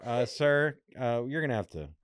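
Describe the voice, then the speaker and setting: A podcast co-host tells a story in a casual, jokey, animated way, acting out what people said in other voices. His voice is mid-range, clear and resonant at a normal speed, with clean studio sound and no room sound.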